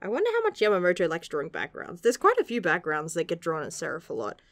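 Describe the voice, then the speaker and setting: A woman's voice: fairly low pitch, huge pitch swings, fast talker, a bit bright, no room sound, studio quality. A young woman gushing through a casual manga chapter review, laughing often and swearing casually.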